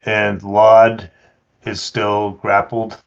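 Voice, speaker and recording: A man's voice: on the low side, completely flat delivery, extremely slow, vocal fry, clear, resonant tone, muffled recording. A man playing a tabletop game, hesitantly checking rules before he acts. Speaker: player.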